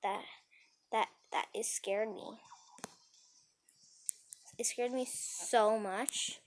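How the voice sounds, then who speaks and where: A woman's voice: a little high, steady tone, very slow, slight background noise. A woman telling a casual storytime tale, rambling and breathless as she goes.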